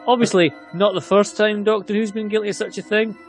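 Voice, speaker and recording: A man's voice: high-pitched, steady tone, a little fast, soft background music. A man from near the Scottish border, co-hosting a podcast in casual, jokey chat with sarcastic asides. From England, near the Scottish border. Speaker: podcast co-host.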